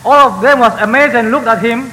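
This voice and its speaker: A man's voice: very high voice, a little fast, sharp tone. A man interpreting a sermon phrase by phrase, sometimes hesitating and restarting. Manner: follows the preacher phrase by phrase, with fillers and restarts. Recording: roomy hall reverb with faint noise.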